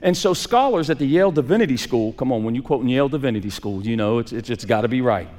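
A man preaching a sermon, swinging from raised emphasis to hushed, quiet lines. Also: medium pitch, expressive, fast talker, long reverb tail. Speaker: pastor.

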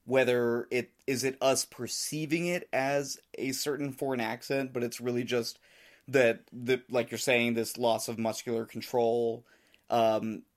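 A man's voice: medium pitch, little pitch movement, unhurried. A man co-hosting a podcast, thinking aloud and asking questions in a casual, musing way. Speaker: podcast co-host. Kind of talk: casual conversational discussion.

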